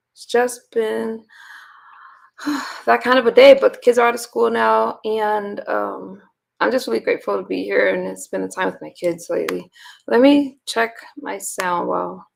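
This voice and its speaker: A woman in her thirties, hoarse and raspy, chatting casually with her livestream viewers and rambling with sighs and fillers. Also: mid-range voice. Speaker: livestream host.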